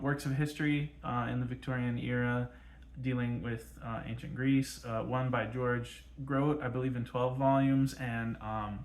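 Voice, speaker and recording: A US man co-hosts a casual chat on a book channel, filling his speech with ums and uhs as he hesitates. His voice sits in the mid-range with a slightly bright quality.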